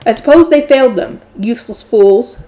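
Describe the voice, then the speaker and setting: A woman's voice: fairly high pitch, fast talker, darkish tone, natural voice. A woman reading aloud and voicing a greedy, scheming fat nobleman who sneers at commoners. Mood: sneering. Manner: sneering, contemptuous.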